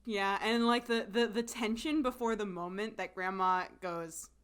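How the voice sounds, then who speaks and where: A woman's voice: medium pitch, fairly even intonation, measured pace, a bit bright, clear, resonant tone. A woman co-hosting a podcast, talking through a drama in casual, emphatic chat full of fillers. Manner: chatty, many fillers, emphatic. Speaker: podcast co-host.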